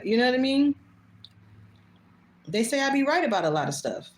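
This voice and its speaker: A woman's voice: high voice, very animated, moderate pace, slight background noise. A woman hosting her own show, talking bluntly and casually, swearing freely and laughing often. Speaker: host. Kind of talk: casual monologue. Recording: echoey room.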